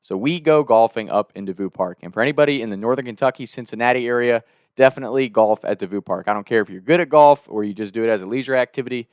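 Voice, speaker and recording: A young man telling a funny story to the camera in a casual, animated way, laughing and swearing freely. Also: medium pitch, quick pace, clean tone, dry recording, clean studio sound. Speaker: storyteller host.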